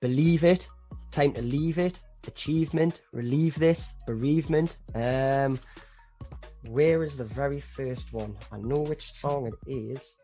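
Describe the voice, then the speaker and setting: A man's voice: medium pitch, unhurried, mellow, soft background music. A young man with a Geordie accent, a guest musician in a casual podcast chat, mocking himself and laughing often.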